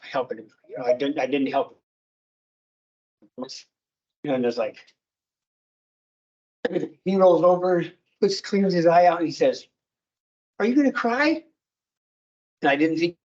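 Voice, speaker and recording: A man tells a heartfelt personal story at a meeting, halting and restarting as he goes. His voice sits at an ordinary pitch. The recording is dull and lo-fi. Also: a little mellow. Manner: halting, emotional, with many restarts. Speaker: guest speaker. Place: meeting room.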